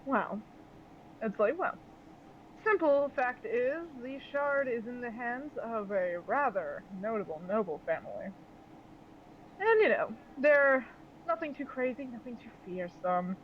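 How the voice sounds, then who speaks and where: A man's voice: extremely high pitch, lively intonation, a little slow, dull audio, a little hiss or hum, pitched above the performer's own voice. A man voicing a sly, mocking male ship captain who talks in a smug, theatrical way.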